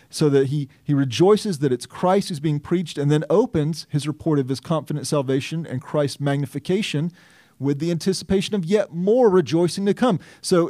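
Guy preaching a sermon, mellow kinda high voice, earnest, keeps restarting and asking himself stuff. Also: no echo, studio quality. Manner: earnest, reasons aloud with restarts and self-questions. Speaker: pastor. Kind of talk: expository sermon.

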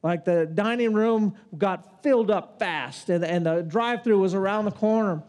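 A man in his fifties telling a personal story in a sermon, in an animated, self-mocking way. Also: high voice, moderate pace. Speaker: preacher.

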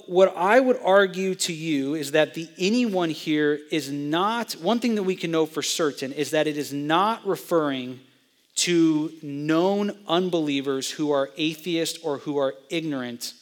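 A young male pastor preaches an expository sermon to students, his voice sitting a little high for a man. He teaches step by step and turns to ask the listeners questions. The sound rings out with long reverb, as in a church hall. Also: a little slow. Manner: teacherly, asks the audience questions.

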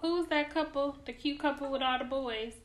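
A woman's voice: high voice, a little fast, soft background music. A woman chatting casually on a podcast, retelling stories with quoted voices. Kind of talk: casual chat.

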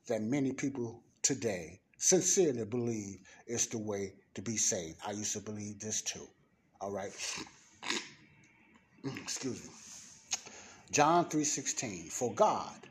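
A man teaching the Bible in an informal sermon, emphatic, slowing down to stress his points. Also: fairly low pitch, slight background noise.

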